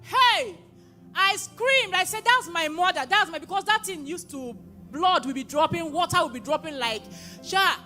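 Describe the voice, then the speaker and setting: High-voiced woman giving church testimony. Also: normal speed. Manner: emotional, often rising to excited exclamations. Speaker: testifier at a prayer conference. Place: live church gathering. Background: music playing.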